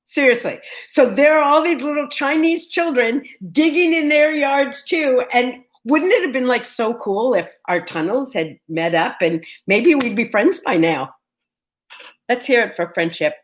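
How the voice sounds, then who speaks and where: Chatty woman vlog host, high voice. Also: a little slow. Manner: chatty, animated, talks straight to viewers. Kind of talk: casual storytelling chat.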